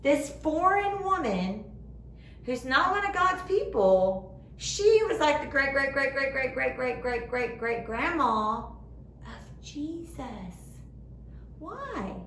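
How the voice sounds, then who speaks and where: A young woman giving a children's sermon in simple, animated words, recorded in a church room. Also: high-pitched, takes it slowly. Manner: animated, speaks simply to children, acts out voices. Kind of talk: kids' sermon. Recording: echoey room, far from the mic, faint noise.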